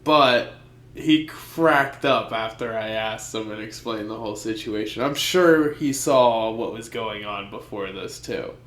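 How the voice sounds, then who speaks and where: A man's voice: lowish voice, measured pace, fairly bright tone. A young man co-hosting a podcast, telling loose, profane stories in casual chat. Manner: loose, profane storytelling with put-on quote voices. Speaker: podcast co-host. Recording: echoey room.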